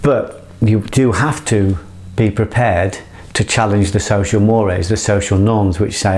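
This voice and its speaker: A middle-aged man with a fairly low voice speaks in an earnest, impassioned monologue. He swears freely and rambles, often restarting his sentences as he pushes his point. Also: fairly even intonation, measured pace, darkish tone. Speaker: motivational speaker.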